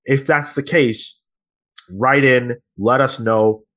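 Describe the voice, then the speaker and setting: A man's voice: mid-range voice, steady tone, slow, fairly bright tone. A man hosting a podcast, chatting casually and running through the show's plugs with plenty of fillers. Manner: rambling, filler-heavy, conversational. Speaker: podcast host.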